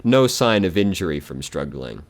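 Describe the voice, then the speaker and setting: A man reading the lines of a composed, precise police lieutenant in a video game, in a dry, measured way. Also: low voice, big pitch swings.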